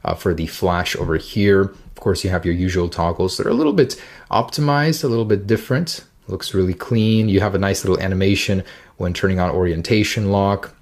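Upbeat lowish-voiced man demoing tech. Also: fairly quick, creaky. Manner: upbeat, chatty, enthusiastic. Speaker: tech reviewer. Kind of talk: casual demo walkthrough.

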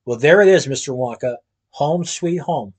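A man voicing a sly, scheming stranger with a low, gruff voice. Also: animated, moderate pace, a little mellow.

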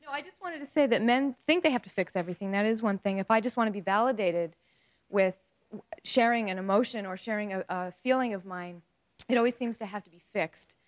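A woman's voice: mid-range voice, brisk. A woman in a talk-show audience making her point in an earnest, direct way. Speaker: audience member, a guest's wife. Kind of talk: speaking up from a studio audience.

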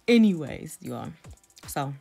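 A brash young woman from Detroit, chatty and profane, telling a storytime while styling a wig. Her voice sits low for a woman. She keeps calling out to her viewers as y'all. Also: very animated, takes it slowly, creaky, dark tone, faint music behind. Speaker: hairstylist vlogger. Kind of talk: casual storytime while doing a wig tutorial.

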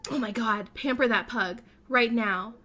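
A young-sounding woman talks her way through a game as casual commentary, her voice bright and crisp and pitched a little high. She rambles and thinks aloud, and often breaks into gasps and delighted squeals. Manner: excitable, gasping and squealing with delight. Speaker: let's play host.

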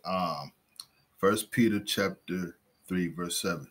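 A man with a very low voice talks about scripture with his wife in a relaxed discussion. His speech is halting and packed with fillers, and his tone has a husky edge. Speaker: co-host, husband. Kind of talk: casual Bible discussion.

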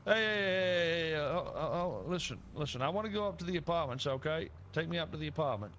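A man's voice: on the high side, expressive, fast talker, a bit bright. A man playing a jokey cab passenger, muffled. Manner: joking, repeats himself. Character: jokey male taxi passenger.

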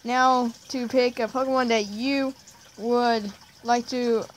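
Reading out lines for a welcoming, eager male Pokemon professor, a woman keeps her voice plain and near her own. It's fairly high and fairly even in intonation, delivered slowly, on poor audio with slight background noise.

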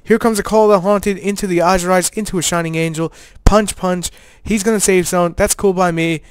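A man's voice: high voice, steady tone, fairly quick, smooth, no room sound. A man giving casual, joking commentary over a card game he played, with laid-back gamer slang. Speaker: player and channel host.

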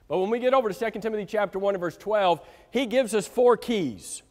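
A man preaching a sermon to a congregation, emphatic and slowing down to stress key words, often asking them direct questions. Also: high-pitched, darkish tone. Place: church sanctuary. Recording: reverberant church hall.

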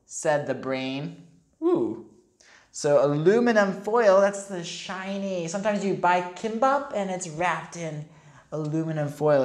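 A woman teacher reading a picture book aloud to young children and explaining the words as she goes. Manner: expressive, leaps up in pitch for character voices. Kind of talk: storybook read-aloud with explanations for kids. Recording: echoey room.

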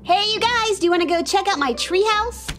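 A woman voicing a playful cartoon family of excitable kids who talk in a giddy, exclaiming way. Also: very high-pitched, brisk, music in the background, pitched above the performer's own voice. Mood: excited.

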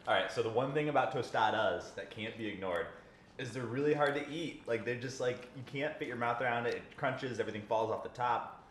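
A man's voice: mid-range voice, expressive, moderate pace, roomy sound, a little hiss or hum. A young man bantering with jokes and sass beside the host of a live cooking stream. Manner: joking, sassy banter. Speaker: co-host partner. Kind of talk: casual live-stream chat.

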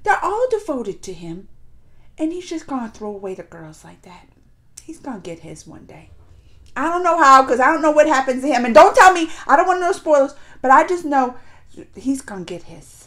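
A woman's voice: sits high, sing-song, moderate pace, fairly bright tone. A woman hosting a reaction video, chatting casually and emotionally while talking back to the screen. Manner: chatty and colloquial.

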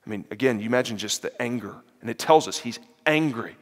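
A man's voice: mid-range voice, fast talker. Man preaching in a reverberant hall. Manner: animated, acts out the parable's characters in quoted voices; frequent fillers and restarts. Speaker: lecturer. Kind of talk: sermon-style lecture on a parable.

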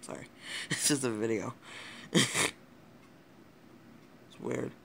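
Giggly teen guy with a gravelly voice. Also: medium pitch, takes it slowly, sharp tone, slight background noise. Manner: giggly, rambling, swears often, self-interrupting. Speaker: YouTuber. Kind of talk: casual rambling vlog commentary.

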